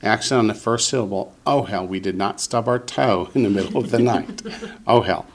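A man teaching a Hebrew vocabulary lesson to a class, patient and slow, repeating each word for the students. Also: lowish voice, a little hiss or hum.

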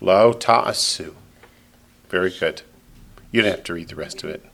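A man's voice: low-pitched, normal speed, vocal fry, a bit bright. A man teaching a classroom lesson who repeats each student's answer back and then explains it patiently, step by step. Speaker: Hebrew teacher.

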